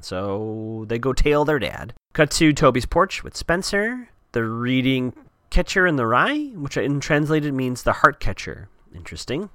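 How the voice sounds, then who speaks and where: A man's voice: mid-range voice, sing-song, normal speed, sharp tone, no room sound, clean studio sound. A man giving a chatty, wry recap of a TV episode with sarcastic asides.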